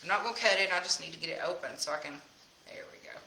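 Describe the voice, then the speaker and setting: Talking very fast in a low voice, a craft host from Tennessee with a Southern hill-country accent chats folksily with viewers during a casual live demonstration. The recording is very noisy and has a roomy echo.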